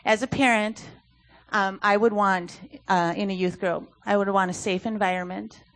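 A woman's voice: medium pitch, fairly even intonation, normal speed, fairly bright tone. A woman speaking earnestly and conversationally at a church service, with frequent fillers as she talks. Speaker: youth ministry speaker. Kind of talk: sermon talk.

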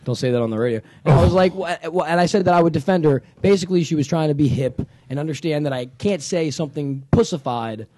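A man's voice: fairly high pitch, quick pace, few pauses, a little mellow, no room sound. A man co-hosting a casual comedy talk show, rambling and laughing often. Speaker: radio show co-host. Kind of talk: casual banter.

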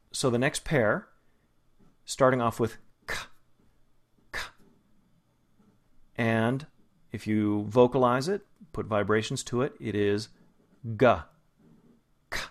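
A man coaching pronunciation in a spoken phonetics lesson, patient and explanatory, slowing down to model each sound. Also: mid-range voice. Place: Los Angeles area.

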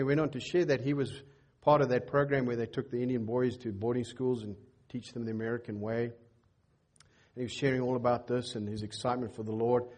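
A middle-aged man preaching in a church, a pastor telling a story in a sermon and acting out the dialogue with a lifted voice. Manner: animated storyteller, acts out dialogue with lifted pitch.

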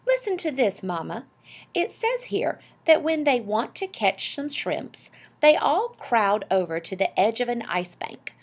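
A woman's voice: a little high, measured pace, husky, pitched above the performer's own voice, heavily acted. A woman doing an eager, dreamy husband. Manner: eager, excitable. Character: dreamy enthusiastic middle-aged husband.

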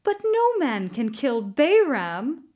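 A woman's voice: high voice, sing-song, a little slow, voice pushed up. A woman voicing a kind-hearted young man in a storybook reading, eager and wide-eyed. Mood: alarmed. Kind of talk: storybook narration.

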